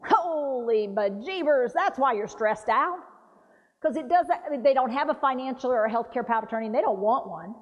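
A woman dementia care trainer giving a lively talk, acting out patient voices. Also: high voice, brisk. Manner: animated, acts out patient voices. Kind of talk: lively training talk with role-play demonstrations. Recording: dull roomy hall recording.

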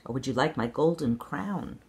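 A woman's voice: very deep voice, lively intonation, moderate pace, darkish tone. Young fairy-tale princess, spoiled and petulant, voiced by a woman reading aloud. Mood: eager. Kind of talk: children's read-aloud.

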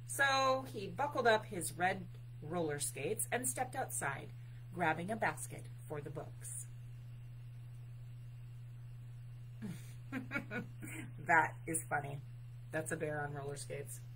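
A woman working as a librarian, reading a picture book aloud at story time in an expressive, unhurried way, adding chatty asides. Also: deep voice, slight background noise, rough recording.

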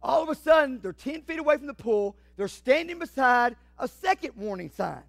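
High-voiced fiery preacher. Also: male voice, animated, normal speed, creaky, no echo. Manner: fiery preaching, swinging from shouts to hushed asides. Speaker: pastor. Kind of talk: sermon.

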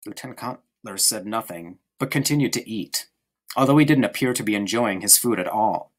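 A man narrating a novel chapter aloud with expressive, carefully paced emphasis. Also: lowish voice. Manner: expressive, varied reading with slowed emphasis. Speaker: audiobook reader. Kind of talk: storybook narration.

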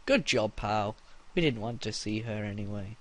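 A young man commenting crudely on his own gameplay and shouting battle cries. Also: lowish voice, animated, moderate pace.

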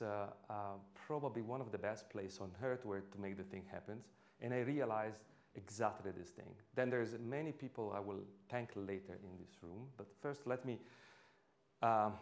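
Low-voiced Italian man lecturing on stage. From Italy. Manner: halting, with frequent fillers and restarts. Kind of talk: public lecture. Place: lecture hall. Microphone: stage microphone.

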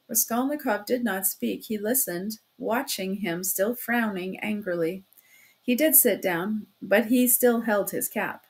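A woman's voice: mid-range voice, a little slow, breathy edge. A woman reading a classic novel aloud as an audiobook narrator, steadily, with the odd self-correction.

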